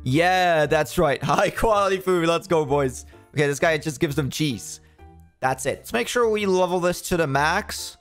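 Excitable gamer man, high voice. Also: normal speed, soft background music. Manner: excitable, joking, talks to game characters. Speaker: gaming YouTuber. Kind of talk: casual game commentary.

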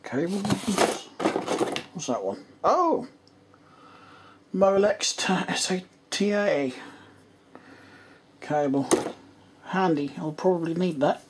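A man's voice: high voice, expressive, takes it slowly, pauses often, heavy background noise. An English man vlogging at home in his bedroom, rambling and muttering to himself in casual running commentary as he tidies up, often trailing off mid-thought. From England.

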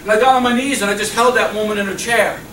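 A middle-aged male pastor preaching a sermon, swinging from loud exclamations to soft, low murmurs, recorded in a church. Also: fairly even intonation, quick pace. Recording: echoey church hall, mic at a distance, faint hum.

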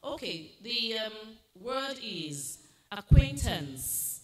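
A woman serving as a spelling bee pronouncer, reading each word slowly and firmly telling children when they are not correct. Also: a little high, very animated. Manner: slow, deliberate pronunciation, firm instructions. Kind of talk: reading words and judging spellings. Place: school competition hall. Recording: echoey hall, faint noise.

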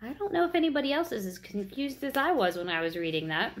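A woman reading a children's chapter book aloud, with expressive narration. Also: fairly high pitch, fast. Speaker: reader.

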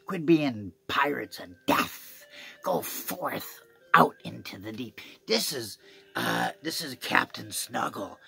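Slow, gravelly man with music behind. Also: mid-range voice, pushed and bright. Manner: rambling, playful, with pirate talk. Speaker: video preacher. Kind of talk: rambling homemade video sermon.

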